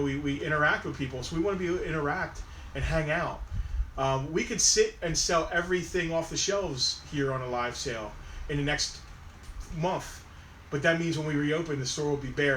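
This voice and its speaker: A man's voice: a little high, a bit bright, roomy sound, slight background noise, low-quality recording. A man who runs a toy store, hosting a live sale in casual, rambling, self-deprecating chat. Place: inside a toy and collectibles store.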